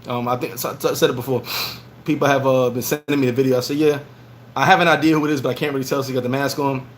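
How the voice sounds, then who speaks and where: Some background noise accompanies this man's mid-range voice. He's a vlog host running a relaxed livestream at a bar in the Dominican Republic, spinning animated stories and acting out what people said.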